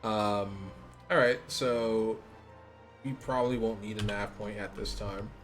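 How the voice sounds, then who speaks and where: A man's voice: lowish voice, steady tone, slow pace. An American man giving casual commentary on his own gameplay, chatty and full of ums. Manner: chatty, many ums, laughs easily. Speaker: let's play gamer. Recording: game music playing behind.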